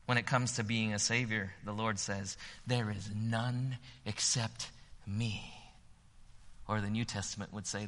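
A man preaching a sermon in a church, swinging from hushed lines to loud, emphatic repetition. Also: lowish voice, fairly even intonation, unhurried, big-room sound. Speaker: pastor. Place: church sanctuary.

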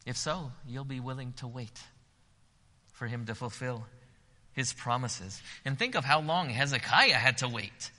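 A man preaching a sermon. He swells to loud, emphatic peaks when reading scripture and drops low when he explains. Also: animated, unhurried. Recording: long hall reverb.

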